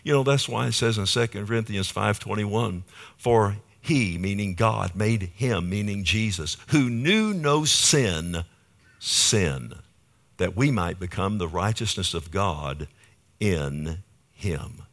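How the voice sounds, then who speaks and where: A man's voice: on the low side, a little slow, vocal fry. A male pastor preaching a sermon, asking the congregation questions and building emphasis on key phrases.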